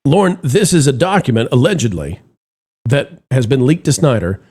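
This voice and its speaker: A man's voice: medium pitch, very animated, moderate pace, darkish tone, breathy edge. A man hosting a commentary chat show, talking theatrically to his co-host and the audience in a mock-solemn, playful way.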